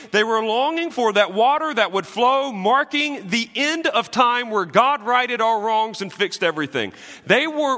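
A pastor preaches in a high, lively voice that climbs and drops sharply between loud and hushed. His tone is bright and forceful, with jokey asides. The sound carries a long reverb from the church hall. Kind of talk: sermon.

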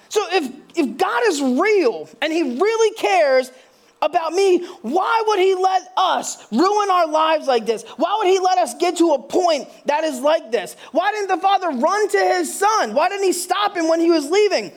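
A man in his thirties preaching a sermon as a pastor, building from quiet storytelling to impassioned, near-shouted questions. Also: very high-pitched, lively intonation, moderate pace.

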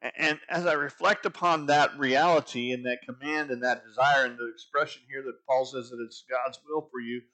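A man's voice: mid-range voice, bright, forceful tone. A middle-aged man preaching a sermon as a pastor, talking conversationally and asking the congregation rhetorical questions.

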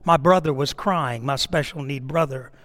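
Emphatic pastor preaching. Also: male voice, fairly high pitch, normal speed, a bit bright, in a large hall. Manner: emphatic, dramatic storyteller. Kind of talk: sermon storytelling.

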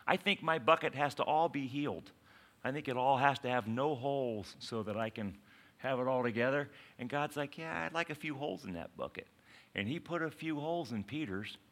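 A man preaching a sermon in an animated way, acting out quotes and asking the congregation questions. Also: mid-range voice, normal speed. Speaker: pastor.

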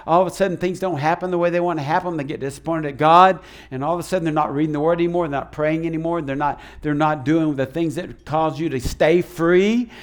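A man preaching a sermon as pastor, animated and acting out the voices he quotes. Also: on the high side.

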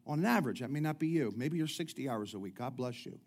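A man's voice: medium pitch, expressive, quick pace, a little mellow. A middle-aged man preaching a sermon, talking in a chatty way with jokes and many restarts. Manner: conversational preaching with humorous asides and frequent restarts. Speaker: pastor.

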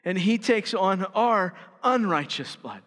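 A man preaching a sermon as pastor, rising to emphatic peaks and dropping to quiet, earnest lines. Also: high-pitched, lively intonation, takes it slowly, in a large hall.

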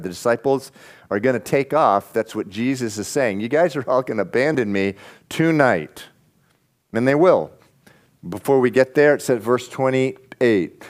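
A man preaching a sermon, reading scripture and swinging between loud emphatic bursts and quiet, intense asides. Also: mid-range voice. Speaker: pastor.

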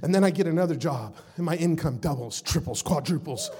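A young adult man pastor preaching an Easter sermon, swinging from hushed storytelling to shouted, sing-song preaching, with casual slang like "man" and "like". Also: fairly high pitch, lively intonation, a little fast, slightly rough.

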